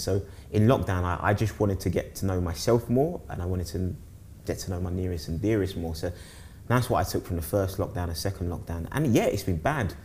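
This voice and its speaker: Deep-voiced man with a London accent. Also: fairly quick. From South East London, England. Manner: rambling, repeats words and restarts often, animated when telling stories. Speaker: guest. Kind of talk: casual conversation.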